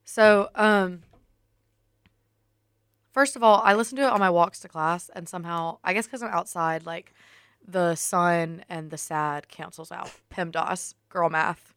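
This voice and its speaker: A young adult woman co-hosting a casual podcast, chatty and excitable, peppering her speech with "like". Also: fairly low pitch, measured pace, clean tone, dry recording, clean studio sound. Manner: chatty and excitable, heavy use of "like". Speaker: podcast co-host. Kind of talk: casual chat.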